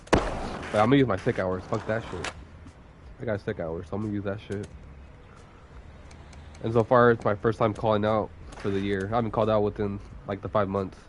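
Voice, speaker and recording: A man's voice: lowish voice, a little hiss or hum. A young man streaming, who is getting over a cold and coughs now and then, talking in a rambling, profane way full of fillers. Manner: rambling, profane, heavy use of "like". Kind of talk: casual stream chat.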